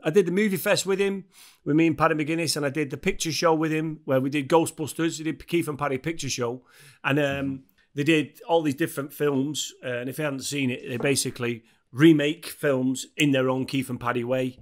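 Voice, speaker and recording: A man co-hosting a podcast in loose, boisterous chat. His voice sits a little high, and his talk is full of swearing and teasing. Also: fairly even intonation, fairly quick. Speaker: podcast co-host. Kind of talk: casual chat.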